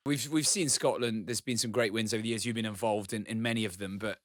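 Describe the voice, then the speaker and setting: A man's voice: lowish voice, steady tone, fast talker, no room sound, clean studio sound. A man hosting a casual podcast, asking questions and steering the talk. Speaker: podcast host.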